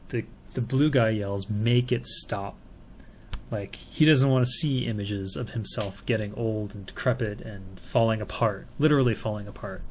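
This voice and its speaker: A man's voice: on the low side, moderate pace, few pauses, slight background noise. A man giving casual, tentative commentary while analysing a video. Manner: musing, tentative.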